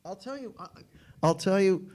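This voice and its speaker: A man's voice: sits high, lively intonation, moderate pace, a little mellow. A man in his sixties, a screenwriter, telling stories at a cinema Q&A with stammering restarts. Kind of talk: storytelling on stage. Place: cinema stage.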